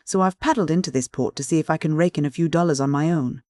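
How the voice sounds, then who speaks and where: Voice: medium pitch, fast, darkish tone, no room sound, studio quality, lightly acted. A narrator voicing a truculent, lean American sea captain who drawls slang with a placid swagger.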